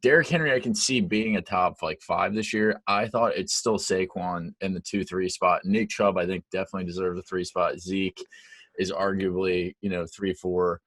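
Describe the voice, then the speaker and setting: A young man with a fairly low voice, co-hosting a casual podcast. He talks loosely and swears freely in his banter. His voice sounds dry and close, with no room echo. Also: steady tone, moderate pace, fairly bright tone. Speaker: podcast co-host. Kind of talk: casual chat.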